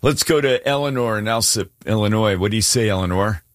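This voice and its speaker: A man's voice: lowish voice, fairly quick, no room sound, studio quality. A man hosting a Christian radio call-in show, encouraging and affirming each caller. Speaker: radio host.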